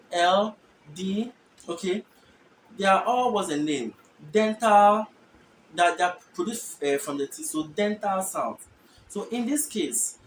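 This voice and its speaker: A host from Ghana giving an explanatory language lesson, thinking aloud and slowly repeating each word. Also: medium pitch. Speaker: channel host teaching languages. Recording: echoey room with faint background noise.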